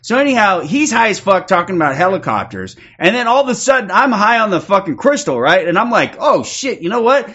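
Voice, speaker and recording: A man's voice: sits high, very animated, brisk, few pauses, pushed and bright, slightly rough. A man livestreaming, telling a rambling story to his chat, swearing a lot and laughing often. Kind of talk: casual storytelling to a live chat. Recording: dull lo-fi stream audio with faint crowd.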